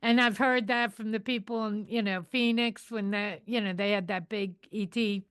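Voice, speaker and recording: A woman's voice: medium pitch, fairly even intonation, moderate pace, a bit bright, smooth. A woman hosting an interview podcast, responding often with short affirmations. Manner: responsive, frequent affirmations and laughs. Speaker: podcast host. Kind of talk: interview conversation.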